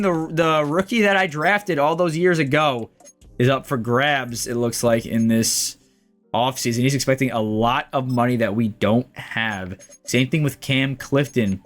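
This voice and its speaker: A young man calls the plays of his own football video game like a sportscaster, his voice sitting at an ordinary middle pitch. He stays casual and chatty between plays, then jumps up into excited shouts when something big happens. Faint music plays behind him the whole time. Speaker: gaming YouTuber.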